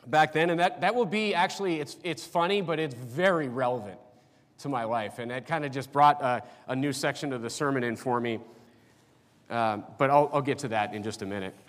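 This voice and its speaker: Middle-aged male preacher, higher voice, loose chatty sermon delivery with plenty of ums, church hall reverb. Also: a bit bright. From North Dakota. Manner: conversational, halting with fillers and restarts.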